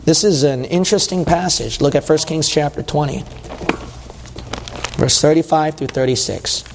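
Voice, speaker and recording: A man's voice: a little high, normal speed, creaky, long reverb tail, noisy background. A man preaching a sermon, reading scripture aloud and asking his listeners questions in a conversational way.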